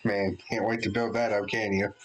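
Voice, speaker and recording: Low-voiced man chatting over a game. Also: moderate pace, poor audio. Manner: relaxed, chatty, thinks aloud with restarts. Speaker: let's play host. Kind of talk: casual gameplay commentary, reading game text aloud. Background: game music.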